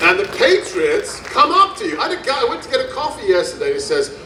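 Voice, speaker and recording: A man's voice: very high voice, huge pitch swings, quick pace, background noise. A man giving a rally speech at a festival, telling stories in an emphatic way and repeating phrases for effect. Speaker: speaker at a gun rights festival. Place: outdoor festival stage. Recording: echoey, distant PA sound.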